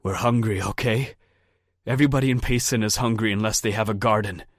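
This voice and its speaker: A man's voice: lowish voice, steady tone, a little fast, no echo, studio quality, voice pushed up, lightly acted. Man reading a sullen slurring thug.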